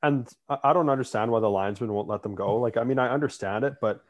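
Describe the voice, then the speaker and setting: A man's voice: medium pitch, fast, dull audio. Ranting man in casual sports talk. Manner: animated, ranting, lots of "like" fillers.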